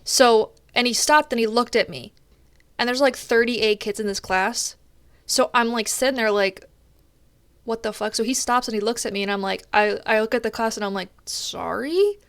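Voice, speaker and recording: A young woman streamer chatting casually while gaming, telling a story in an animated way and swearing often. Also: fairly high pitch, fairly quick, clear, resonant tone, dry recording.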